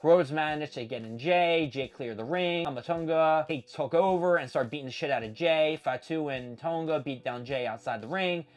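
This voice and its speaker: A man with a slightly high voice hosts his own recap show. He talks casually and with a lot of energy, swearing freely and jumping into quick impressions as he runs through the matches. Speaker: show host.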